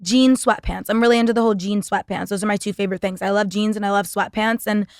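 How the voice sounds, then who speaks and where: Brief: a young woman college-age podcast host, rambling casual monologue, mid-pitched voice, dry close mic. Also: steady tone, quick pace, dry recording. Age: young adult. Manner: sarcastic, profane, rambling.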